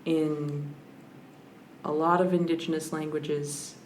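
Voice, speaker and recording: Taking it slowly, with a low voice that barely moves in pitch, a woman appears as a podcast guest. She is a scholar of language and speaks reflectively and searchingly, with frequent restarts, in a conversational interview. The recording is roomy with a faint hiss in the background.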